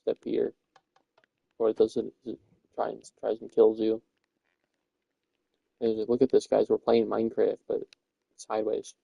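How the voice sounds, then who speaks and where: A man's voice: fairly low pitch, completely flat delivery, measured pace, gravelly, pauses often, dark tone, dry recording. A young man giving a rambling, playful tour of a Minecraft build, often correcting himself as he goes. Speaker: Minecraft server tour guide. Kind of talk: casual gameplay commentary. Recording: dull, dry home recording.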